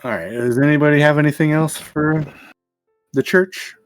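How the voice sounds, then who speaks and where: A man's voice: on the high side, normal speed, soft background music. A man running a tabletop game as game master, talking casually and laughing easily. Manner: easygoing, laughs often.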